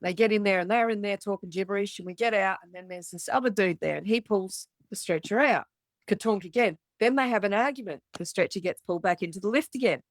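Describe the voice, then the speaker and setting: A woman's voice: medium pitch, fast talker, dry recording. A middle-aged woman with an Australian accent, a podcast guest telling her story candidly and bluntly, swearing freely and acting out the voices of others.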